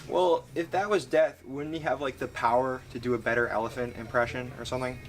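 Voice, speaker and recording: A man's voice: medium pitch, steady tone, fairly quick, natural voice. A man voicing an anxious young store clerk in a cartoon, pleading and scheming.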